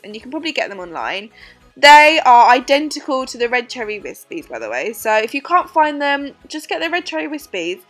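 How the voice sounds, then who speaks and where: A woman's voice: high-pitched, fairly bright tone. A young woman talking through a makeup tutorial in a chatty, giggly, self-mocking way. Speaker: beauty vlogger. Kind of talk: casual makeup tutorial voice-over.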